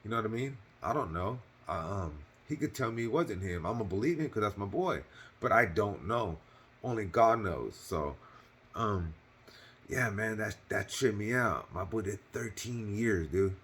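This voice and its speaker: A man's voice: lowish voice, lively intonation, moderate pace, a bit bright, a little hiss or hum. A man casually telling a personal story on his channel, in loose slang with cursing and lots of fillers, earnest and heartfelt.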